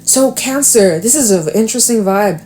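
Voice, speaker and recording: A young woman doing a casual tarot reading, chatty and thinking out loud with sudden exclamations. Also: mid-range voice, expressive, normal speed. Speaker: tarot reader.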